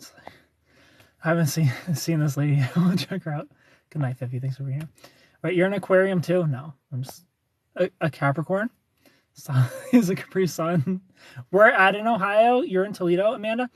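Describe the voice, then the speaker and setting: A man's voice: sits high, moderate pace, no echo. A man hosting a casual livestream, greeting viewers by name, reading their comments aloud and teasing them with frequent laughs. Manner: chatty, reads viewer names and comments aloud. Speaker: livestream host.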